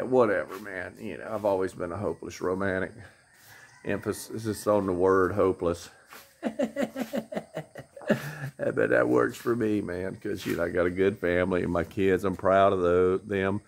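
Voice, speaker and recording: A middle-aged man with a Southern US accent, giving a rambling, folksy vlog update full of fillers. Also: low-pitched. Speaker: vlogger. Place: outdoors on a tropical building site.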